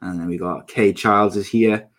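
A man's voice: lowish voice, fairly even intonation, normal speed, a bit bright. A young man hosting a casual live podcast, upbeat and chatty as he reads out viewer comments. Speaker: podcast host.

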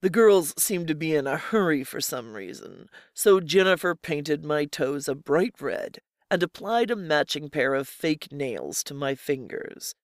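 Recorded close-up with a completely dry sound and no echo, this audiobook narrator keeps a measured, even pace and a middle pitch while reading a story told in the first person.

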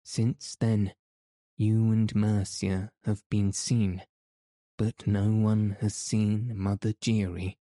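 A man's voice: fairly low pitch, level tone, slow, mellow, dry recording, clean studio sound. A man voicing a furious, suspicious male opera secretary in an audiobook, speaking in an accusing, insistent way.

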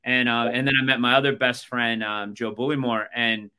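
A man's voice: medium pitch, fairly even intonation, moderate pace, sharp tone, smooth. A man in his thirties with an American accent, hosting a podcast and telling long, rambling stories full of fillers in casual chat. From United States. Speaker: podcast host.

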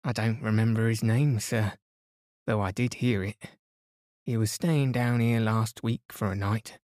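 A man's voice: lowish voice, fairly even intonation, measured pace, darkish tone, dry recording, clean studio sound, natural voice. A man voicing a humble, deferential gardener in a bedtime story. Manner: deferential, says sir.

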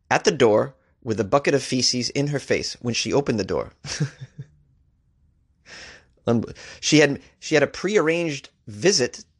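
A man hosting a comedy podcast, reading odd news stories aloud and riffing on them sarcastically, laughing at his own jokes. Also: mid-range voice. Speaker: podcast host. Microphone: studio microphone.

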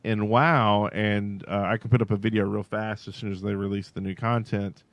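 A male podcast co-host with a fairly low pitch and a fairly bright tone speaks at a moderate pace with flat delivery, recorded dry. It's casual chat, and he rambles with plenty of "like" fillers.

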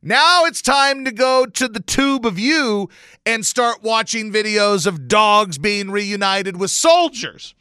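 A male radio host telling a casual story with lots of swearing and sudden loud exclamations. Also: high voice, dry recording, studio quality. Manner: animated, profane, bursts into loud exclamations. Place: radio station studio.

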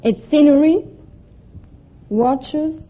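Swiss woman contestant, first language French, curt answers, slightly high voice, muffled vintage broadcast sound. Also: drawn-out words. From Switzerland. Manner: short, plain replies. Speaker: quiz show contestant.

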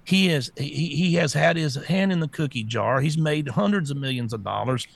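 A gravelly, slightly high-pitched man co-hosts a political talk show. He stammers through heated rants and mocks others with put-on voices. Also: expressive, moderate pace. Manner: stammering, rants with mocking impressions. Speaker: co-host.

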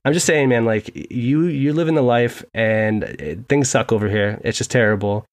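Young man, casual podcast co-host, rambling and joking, middle pitch. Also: normal speed. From Seattle area. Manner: rambling, joking, animated storytelling.

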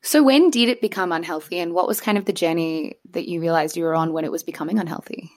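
A woman interviewer asking gentle, careful questions. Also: on the low side, fast.

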